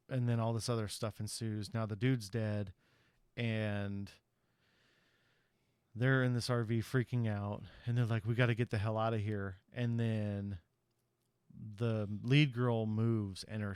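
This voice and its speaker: A man's voice: lowish voice, clear, resonant tone, no room sound. Man, podcast host, rambling casual movie recap, quotes characters, dry close sound. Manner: rambling retelling, acting out characters' lines; loose, profane slang.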